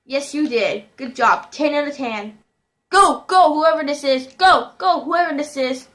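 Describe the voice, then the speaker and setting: A young woman giving casual commentary over a football video game, shouting and squealing at plays and chatting to her pet bird. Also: high-pitched, a little slow. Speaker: gaming video host.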